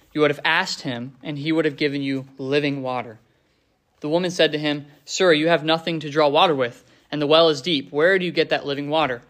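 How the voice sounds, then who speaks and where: A man teaching a Bible passage informally, reading verses and paraphrasing them in a relaxed, conversational way. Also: fairly high pitch. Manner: conversational, paraphrases scripture in casual speech.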